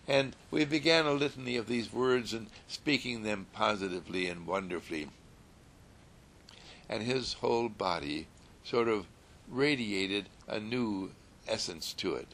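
A man telling a story in a gentle, soothing sermon style, repeating calm affirmations. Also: on the low side, a little slow, creaky, a little hiss or hum.

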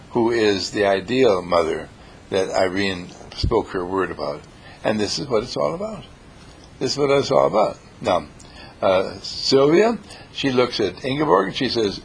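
Gravelly husky guy telling inspirational stories, voice jumps all over, hammers the same lines again and again. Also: mid-range voice. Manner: animated, repetitive, emphatic storyteller. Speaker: speaker. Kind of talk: inspirational storytelling talk.

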